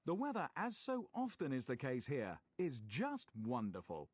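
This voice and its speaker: A man's voice: mid-range voice, wildly swooping pitch, normal speed, breathy edge, dry recording. A man voicing a formal race commentator in a racing game, announcing the starting grid.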